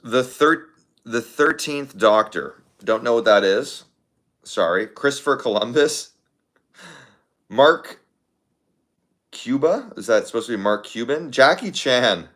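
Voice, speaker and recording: A man's voice: mid-range voice, expressive, takes it slowly, long pauses, fairly bright tone. A man hosting a livestream, chatting casually and reading out viewer comments, thinking aloud with fillers and repeated phrases. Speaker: livestream host.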